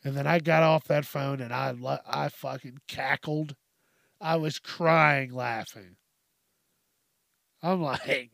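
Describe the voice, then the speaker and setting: A man's voice: a little high, a little slow, creaky, a bit bright, dry recording, studio quality. A man hosting a podcast, ranting casually and comically, swearing a lot and laughing between lines. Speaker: podcast host. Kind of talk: casual comedic rant.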